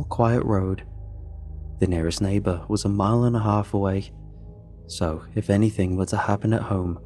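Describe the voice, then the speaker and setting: Low, mellow man narrating a story. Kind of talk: first-person story narration.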